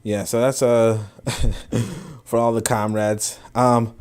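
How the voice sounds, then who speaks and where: A man hosting a casual podcast, talking in a profane, dismissive and animated way. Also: mid-range voice, takes it slowly, smooth. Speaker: podcast host. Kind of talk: casual commentary.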